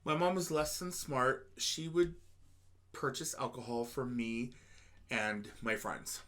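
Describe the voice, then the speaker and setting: A man's voice: mid-range voice, fairly even intonation, slow pace, fairly bright tone. A man co-hosting a podcast, telling laid-back stories in casual chat, swearing freely. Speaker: podcast co-host.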